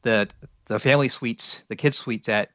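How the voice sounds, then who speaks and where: A man's voice: medium pitch, normal speed, bright, forceful tone, dry recording. A man, a podcast guest chatting casually and unhurriedly, laughing now and then.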